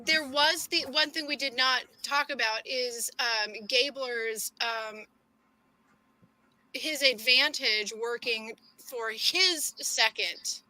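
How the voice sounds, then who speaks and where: Woman, sharp piercing tone, a bit high-pitched, podcast co-host, explains with ums and repeats. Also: takes it slowly, no room sound, rough recording. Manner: explains with fillers and repeated words. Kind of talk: casual chat.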